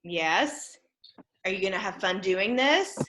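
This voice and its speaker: A woman teaching a junior high class over a video call, upbeat and encouraging, playfully coaxing her students. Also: expressive, slow, fairly bright tone.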